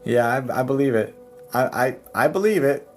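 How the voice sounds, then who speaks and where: A man with an expressive mid-range voice and moderate pace talks as a psychic medium on a casual home livestream. He is chatty and rambling, full of fillers and laughter, heard through a streaming mic over soft background music.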